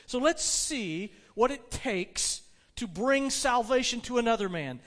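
A man's voice: very high voice, animated, a little slow, a bit bright. A male pastor preaching a sermon, reading a classic story aloud expressively with varied emphasis, in a church sanctuary. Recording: long reverb of a church hall.

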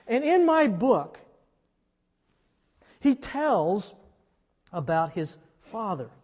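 A pastor delivers a sermon in a high voice at a slow, deliberate pace. He swings between emphatic lines and hushed ones. His words echo through a large hall with a long reverb.

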